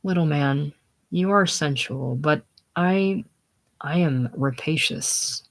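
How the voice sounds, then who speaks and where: Reading slowly in a mid-range voice, the performer voices a lonely, sickly older man full of grandiosity and self-pity. It's a casual play reading with a brooding, theatrical mood.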